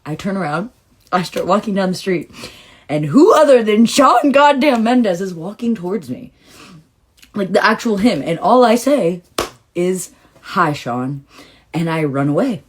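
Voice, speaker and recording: A woman telling a personal story in a rambling, emotional way, full of "like" and sudden jumps into excited retelling. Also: normal speed, breathy edge. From Southern California. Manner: rambling and emotional, heavy use of "like"; swings into excited, high-pitched retelling. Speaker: storytime vlogger. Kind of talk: casual storytelling monologue.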